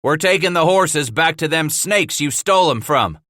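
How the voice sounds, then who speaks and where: A man's voice: on the high side, moderate pace, bright, forceful tone, no echo, studio quality, voice pushed up. A man voicing a grizzled male mountain man who growls coarse, defiant talk. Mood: snarling.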